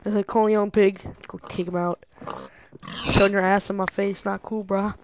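A young woman gamer gives casual gameplay commentary, excitable and talking to herself, often swearing and laughing. Her voice is medium in pitch at a moderate pace, over a noisy background.

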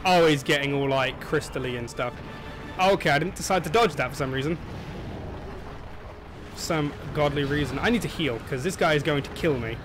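A young man giving casual, excitable commentary over his own gameplay, yelping and laughing at the game. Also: fairly high pitch, moderate pace, pauses often, music in the background. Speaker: gaming channel host.

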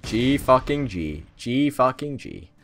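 A man's voice: medium pitch, very animated, slow, fairly bright tone, slight background noise. A man hosting a let's play, bantering casually and swearing freely in mock outrage on a voice call.

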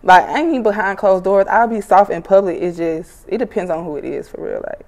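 Talking a little fast, the young rapper's medium-pitched voice has a darkish tone. Laughing while she tells her stories, she stays blunt and profane throughout the casual interview.

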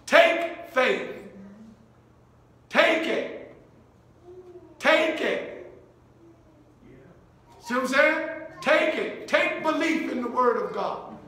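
A high-pitched man preaches with a bright, unhurried delivery, leaning on short repeated commands and call-and-response with his congregation. His voice rings through a very echoey church room. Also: lively intonation. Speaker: bishop preaching. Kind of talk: sermon. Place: church sanctuary.

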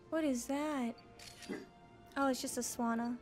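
High-voiced bubbly woman gaming commentator. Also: steady tone, a little slow, pauses often, faint music behind. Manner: bubbly, squeals and gasps at cute moments, jokey asides. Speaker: gaming video creator. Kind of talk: playful let's-play commentary.

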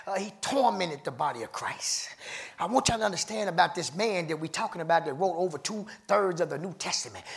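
High gravelly-voiced fervent preacher man. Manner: fervent call-and-response preaching, breaks into laughs, swells to shouts. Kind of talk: sermon. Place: church sanctuary.

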